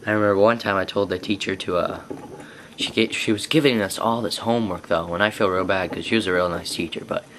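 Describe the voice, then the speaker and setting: A man's voice: deep voice, steady tone, fast talker, fairly bright tone, a little hiss or hum. A young man telling personal stories to camera in a rambling, casual way. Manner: rambling, lots of fillers and restarts. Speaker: vlogger.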